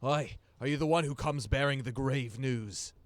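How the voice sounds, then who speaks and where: A blunt, gruff older father, played by a man running a tabletop game. He speaks plainly and bluntly, pushing his voice a little higher and louder than his narration. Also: normal speed, no room sound, natural voice.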